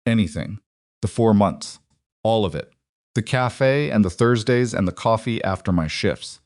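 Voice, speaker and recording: Tired hotel maid, guarded, measured, low-key, read by a man, dry close sound. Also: a little mellow, no echo. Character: weary hotel maid, grown woman, steady and guarded.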